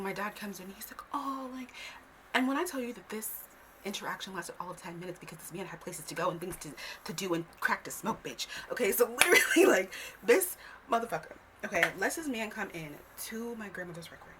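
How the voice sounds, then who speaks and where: A woman telling a childhood story to camera in a casual vlog, animated and swearing freely, sometimes dropping to a whisper. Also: lowish voice, a little hiss or hum.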